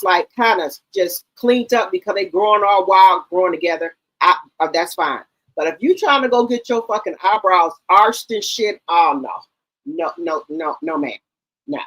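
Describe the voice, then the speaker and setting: A woman's voice: medium pitch, a bit bright, poor audio. An older woman, hosting a casual gossip chat in a sassy, profane, emphatic way. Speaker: talk show host.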